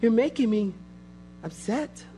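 A man mockingly imitating a soft, meek, mild-mannered man in a limp, whiny voice during a sermon. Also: very high-pitched, lively intonation, measured pace, a little hiss or hum, pitched above the performer's own voice. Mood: meekly whiny.

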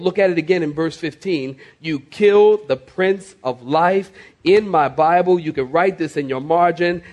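A high-voiced man preaches a sermon in a church. He drags out key phrases slowly for weight, then lifts his voice in emphatic bursts. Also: darkish tone. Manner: preaching with dramatic slowdowns and sudden rises. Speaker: pastor. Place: church sanctuary.

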